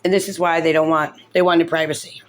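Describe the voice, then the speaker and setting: Frustrated mom venting on her vlog, says like a lot, kinda low voice. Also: flat delivery, a little fast, background noise. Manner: rambling, full of "like", upset and tearful. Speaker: mother in a custody case. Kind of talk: emotional vlog commentary.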